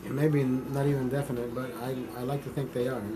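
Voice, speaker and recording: A man hosting a live stream, telling stories in a profane, animated way with many repeated words. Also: medium pitch, a little fast, noisy background. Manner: profane, animated storytelling with repetitions. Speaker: livestream host. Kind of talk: casual live-stream talk.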